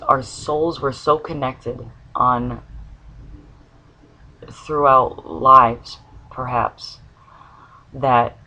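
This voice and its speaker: A man's voice: medium pitch, pushed and bright, rough recording. Earnest man recounting a dream. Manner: earnest, searching for words, many restarts. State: occasional cough. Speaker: spiritual vlogger. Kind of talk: personal dream account.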